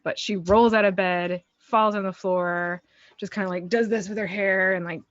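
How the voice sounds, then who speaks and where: A woman's voice: medium pitch, steady tone, moderate pace, no room sound. A woman playing in a tabletop role-playing game, chatting casually and rambling as she describes her character's actions. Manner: chatty, rambling, full of likes. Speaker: player. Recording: dry, slightly muffled stream audio.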